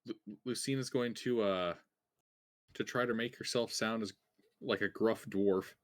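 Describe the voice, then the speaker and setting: A man's voice: lowish voice, fairly even intonation, dry recording, studio quality. A man playing a tabletop game, chatting casually and playfully, often restarting his sentences. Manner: playful, quick to joke, stammers on restarts. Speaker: player.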